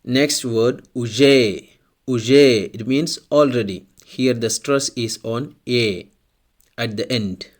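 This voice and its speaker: A man with a mid-pitched voice teaches a language lesson at an unhurried pace. He explains step by step and says each example word twice for the learner. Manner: slow, deliberate, repeats example words twice.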